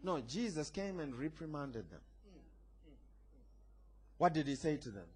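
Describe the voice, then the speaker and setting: A man's voice: a little high, sing-song, moderate pace, long pauses, husky. A man preaching a sermon, emphatic and playful, calling on the congregation to respond. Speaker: pastor.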